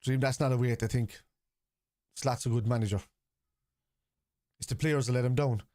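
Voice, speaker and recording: A man's voice: mid-range voice, steady tone, normal speed, mellow, dry recording, clean studio sound. Chatty man streaming a football watchalong. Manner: chatty, answers viewers' comments aloud. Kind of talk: casual live commentary, reading chat.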